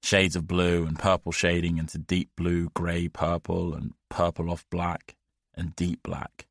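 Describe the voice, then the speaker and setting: A man reading an audiobook in the first person, measured and wry. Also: deep voice, completely flat delivery, vocal fry, no echo, clean studio sound. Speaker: audiobook narrator. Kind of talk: scripted audiobook narration.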